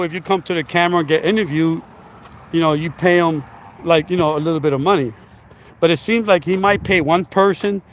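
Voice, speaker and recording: A man with a slightly high voice rambles through a casual vlog commentary, blunt and profane. He records outdoors in a built-up area with faint traffic behind him. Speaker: vlogger.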